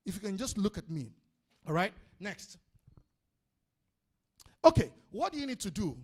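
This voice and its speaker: A man with a Nigerian accent giving an energetic business seminar talk, calling out to the audience and repeating his points. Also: high voice, unhurried, slightly rough. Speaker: business speaker. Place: conference hall before an audience.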